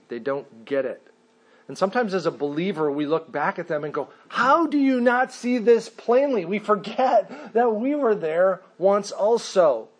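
A man preaching a sermon, reading scripture slowly and deliberately and acting out questions in a raised voice. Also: high voice. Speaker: pastor.

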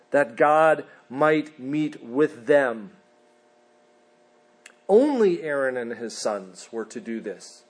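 A man's voice: high-pitched, a little mellow. A man preaching a sermon in an earnest way, sometimes mimicking whiny voices of the people he quotes. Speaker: pastor.

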